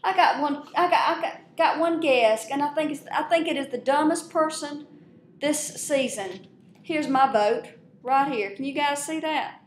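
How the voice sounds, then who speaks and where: A woman casually recapping a show on her vlog, chatty, profane and quick to laugh, recorded on a webcam at her desk. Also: high-pitched, slight background noise. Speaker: vlogger. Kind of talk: casual chat. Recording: roomy echo.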